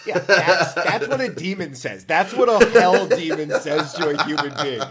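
A man's voice: fairly high pitch, normal speed, over a noisy crowd. A man co-hosting a podcast, trading jokey asides and mock-scolding remarks in casual chat. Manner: wisecracking, mock-scolding, animated. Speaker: podcast co-host.

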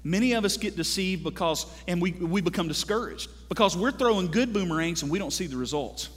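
A man in his thirties preaching a sermon to a congregation, animated and joking, calling out to the crowd for responses. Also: high-pitched, fairly quick. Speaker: pastor. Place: large church hall. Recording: long hall reverb from a church.

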